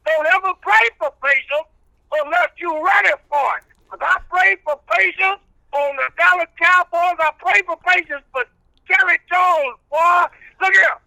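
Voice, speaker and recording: A man's voice: extremely high pitch, a little slow, gravelly, sharp tone, no echo, pitched above the performer's own voice, heavily acted, low-quality recording. A man voicing a folksy older male preacher who drawls, preaches and calls everyone boy. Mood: preaching. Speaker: reverend caller.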